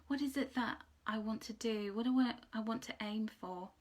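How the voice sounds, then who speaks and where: A woman giving a chatty, rambling angel card reading, sometimes dropping into soft whispered asides. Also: a little high, fairly even intonation, a little fast, hardly any pauses. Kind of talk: casual spiritual card reading.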